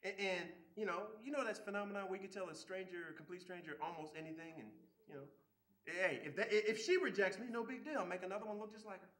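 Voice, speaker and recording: A man giving a relationship seminar talk, animated, acting out quoted people and often repeating words as he starts sentences. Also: high voice, quick pace, reverberant. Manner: acts out quoted people with voice shifts. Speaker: seminar speaker.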